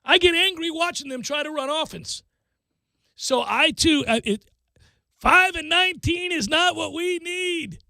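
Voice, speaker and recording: A man hosting sports talk radio, ranting with sarcasm and animated energy. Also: extremely high pitch, a little slow, vocal fry, no room sound.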